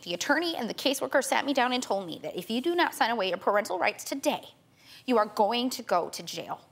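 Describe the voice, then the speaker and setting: With a fairly high, slightly bright voice and vocal fry, a twentysomething woman appears as a talk show guest. She tells her story tearfully and urgently, rushing and restarting many times in an emotional testimony.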